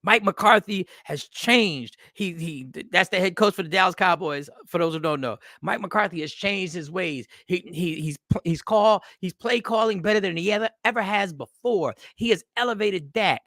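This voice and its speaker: A man hosting a podcast, telling rambling stories in a loose, animated comedic monologue. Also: high-pitched, normal speed, hardly any pauses, no echo, clean studio sound. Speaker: podcast host.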